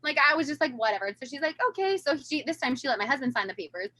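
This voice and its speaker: A woman in her thirties, a podcast guest telling a long story in casual chat, animated and acting out the voices of the people she quotes. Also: high-pitched, fast, dry recording.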